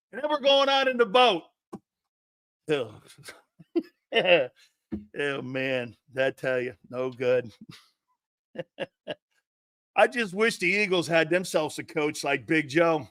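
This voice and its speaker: Sports talk host, middle-aged man, brash and profane storyteller, high-pitched, sharp tone. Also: animated, unhurried, pauses often, no room sound, studio quality. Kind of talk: animated sports talk monologue.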